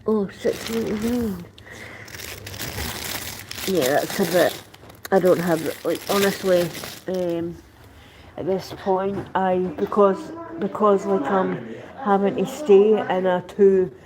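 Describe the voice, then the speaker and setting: In this poor-quality clip, a Scottish woman livestreams as she wanders the street and pops into shops, chatting casually in a meandering way that often trails off mid-sentence. Her voice sits on the low side, steady and unhurried. A crowd murmurs behind her, along with street noise and passing traffic.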